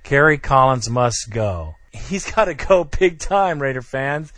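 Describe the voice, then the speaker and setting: A man's voice: medium pitch, unhurried. A man hosting a sports fan podcast, talking in a blunt, fired-up, profane way and sometimes stumbling over his words. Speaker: podcast host.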